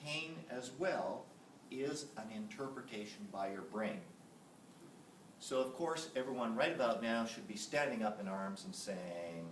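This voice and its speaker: A man's voice: fairly low pitch, expressive, unhurried, a little hiss or hum. A man giving a public lecture, emphatic and often checking in with his audience by asking "right?". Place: lecture room. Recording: roomy, distant from the mic.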